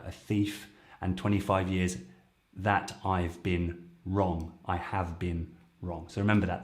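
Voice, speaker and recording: A man who is a native English speaker, hosting a lesson and patiently explaining phrases step by step. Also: deep voice. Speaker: French teacher and show host. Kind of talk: explaining language clips to camera.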